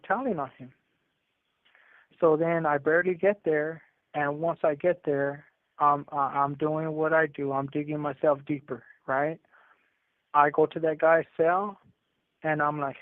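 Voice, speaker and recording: A man tells a story in loose street slang, stumbling through restarts and fillers. His voice sits a bit high. It comes through a dry, tinny prison phone line. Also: dry recording. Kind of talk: casual storytelling over a phone call.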